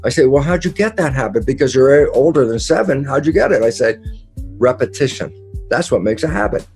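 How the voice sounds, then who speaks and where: Male interview guest with a mellow, mid-pitched voice. Lively storyteller who acts out his own quotes, over faint background music. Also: brisk. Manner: emphatic and repetitive, with occasional laughs and mild swearing. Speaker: guest speaker, biologist. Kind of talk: conversational explanation in an interview.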